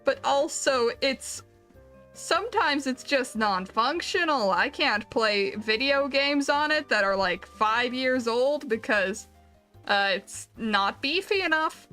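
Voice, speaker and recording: A woman streamer chats casually while she plays, rambling from one thought to the next with self-deprecating jokes. Her voice is fairly high and bright. Faint music plays behind her. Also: lively intonation, takes it slowly. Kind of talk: casual chat while gaming.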